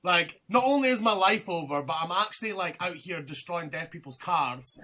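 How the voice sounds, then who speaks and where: A man's voice: high-pitched, animated, moderate pace, bright, forceful tone. A young man, a podcast guest, telling a rambling story in casual chat, swearing freely and restarting his sentences.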